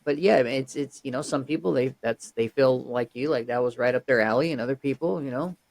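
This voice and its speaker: A man hosting a podcast, asking questions in a halting, casual way with many restarts. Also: medium pitch, creaky, a little mellow. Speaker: podcast host. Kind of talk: casual interview.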